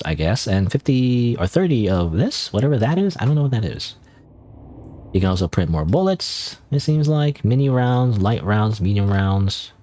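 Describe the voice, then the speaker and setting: A man's voice: fairly low pitch, mellow. A man streaming a game, thinking aloud in casual commentary with many restarts and hesitations.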